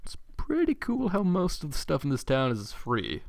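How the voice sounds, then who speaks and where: A man's voice: on the high side, huge pitch swings, moderate pace, creaky, a little mellow, no echo, studio quality. A man reading a fan story aloud, breaking off for amused, muttered asides. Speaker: fanfiction reader.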